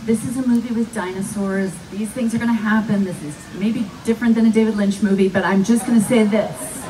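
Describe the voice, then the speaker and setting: Woman quoting a bold, declarative male director, mid pitch, picked up from afar. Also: steady tone, brisk, far from the mic, background noise, lightly acted. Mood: earnest. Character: enthusiastic male film director with a bold promise.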